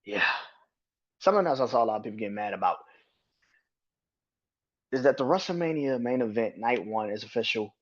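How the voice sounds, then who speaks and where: A man's voice: medium pitch, expressive, a little fast, long pauses. Male podcast host, mid-range voice, profane exasperated ranting, slightly muffled lo-fi recording. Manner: ranting, heavy swearing; exasperated rhetorical questions. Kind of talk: solo wrestling commentary podcast.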